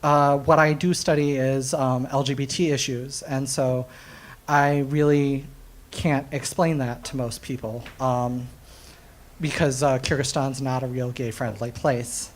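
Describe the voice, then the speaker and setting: A young American man doing stand-up storytelling on stage at a comedy night, animated, often laughing at his own jokes, with plenty of ums and uhs. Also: mid-range voice, a little slow. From United States.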